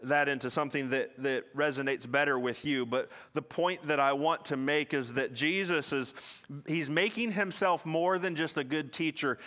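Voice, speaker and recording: Guy preaching a sermon, kinda high voice, earnest, repeats himself, slows way down on the big points. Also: bright, forceful tone. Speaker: pastor.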